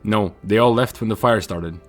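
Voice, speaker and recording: A man's voice: on the low side, moderate pace, soft background music, close to an everyday voice. A man reading the lines of a frightened village woman in a story game. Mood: wary.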